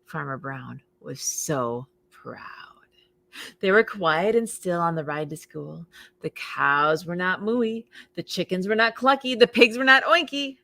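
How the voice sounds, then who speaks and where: A woman, a children's librarian, reads a picture book aloud for preschoolers in an animated, expressive way, playing up the sounds for children. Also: medium pitch, moderate pace, dry recording. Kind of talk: storytime read-aloud for preschoolers.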